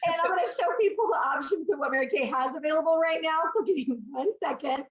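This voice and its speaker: Bubbly high-pitched woman host, laughs a lot, dull lo-fi video-call sound. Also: fast talker. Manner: bubbly, gushing, laughs often. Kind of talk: online business presentation.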